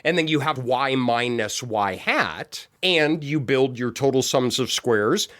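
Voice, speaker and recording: A man co-hosting a casual teaching chat, playful and quick to tease. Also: medium pitch, animated, a bit bright. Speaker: co-host.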